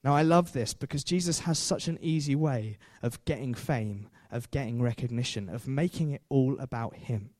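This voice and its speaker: A man's voice: medium pitch, moderate pace, hardly any pauses, darkish tone, no echo, studio quality. Chatty self-deprecating preacher man. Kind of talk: sermon.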